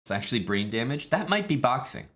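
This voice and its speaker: A man from Canada, streaming chess in a relaxed, chatty way with many fillers. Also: medium pitch, quick pace. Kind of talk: casual live-stream commentary.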